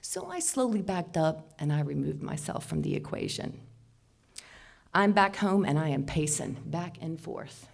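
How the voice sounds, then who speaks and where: Low raspy woman telling her story to a crowd, swings from hushed to loud. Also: unhurried. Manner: animated, swinging between hushed asides and loud outbursts. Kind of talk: live personal storytelling to an audience. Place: stage before an audience.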